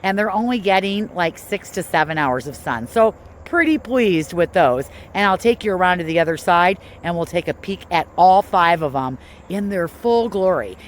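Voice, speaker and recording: A woman's voice: on the low side, expressive, normal speed, a little hiss or hum. A woman from Northern Illinois giving a casual, enthusiastic walking tour of her garden outdoors, chatting to viewers as she goes. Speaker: garden vlogger.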